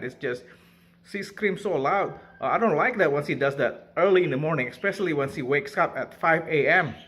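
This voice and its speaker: Chatty man with a bright voice. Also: fairly high pitch. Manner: chatty, laughs often, coos at his bird. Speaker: pet bird owner vlogger. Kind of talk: casual talk to camera.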